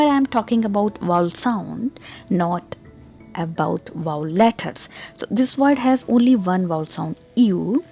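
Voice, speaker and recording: A woman with a warm, medium-pitched voice leads an online English pronunciation lesson. She explains each point deliberately and stresses her example words clearly.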